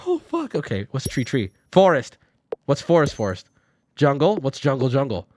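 Commentating his own game on a live stream, a man with a mid-range, expressive voice keeps a moderate pace. He talks his moves through aloud, curses frequently, and lets out sudden yelps.

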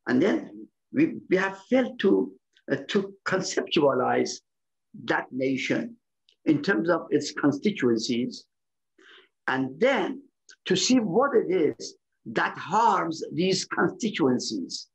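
A man's voice: a little high, sing-song, takes it slowly, creaky. A man from Iran, explaining politics in a lecturing way, often restarting and checking in with "okay?". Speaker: interviewee, political commentator. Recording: slightly muffled, lo-fi recording.

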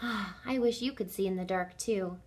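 A woman voicing an eager, excitable young female bat in a read-aloud storybook, squeaking in a high bright voice. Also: a little fast, lightly acted. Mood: gentle.

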